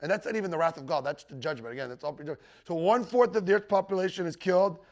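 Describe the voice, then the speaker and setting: High-voiced man teaching scripture. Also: racing. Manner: conversational, checks in with the room, quotes scripture with rising emphasis. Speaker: Bible teacher. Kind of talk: end-times teaching. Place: teaching room with a live audience.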